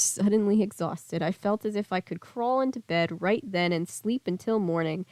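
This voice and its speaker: A woman's voice: medium pitch, normal speed, few pauses, darkish tone, no echo. A woman streamer reading a novel aloud on stream, with casual asides and self-corrections.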